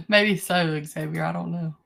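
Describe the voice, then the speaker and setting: A young woman teacher, talking her class through steps on a video call in a relaxed, chatty way. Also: on the low side, vocal fry. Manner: relaxed, chatty, with slow stretched prompts. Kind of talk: online class instructions. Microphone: computer mic on a video call.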